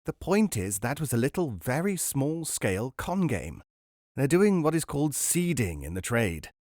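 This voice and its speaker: A man voicing a smooth, unflappable con man with a breezy, clubby manner. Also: mid-range voice, big pitch swings, normal speed, a little mellow, dry recording, studio quality, voice pushed up, lightly acted. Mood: explaining. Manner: breezy, jovial, clipped.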